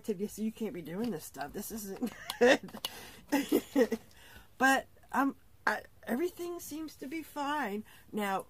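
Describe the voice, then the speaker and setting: A middle-aged woman talks into her camera from inside her camper at the end of a long day. She sounds tired but keeps laughing as she recounts the story, jumping up in pitch whenever she mimics someone else. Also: slightly rough. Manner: animated, laughing often, acting out quoted voices. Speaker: vlogger. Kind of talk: casual storytelling vlog.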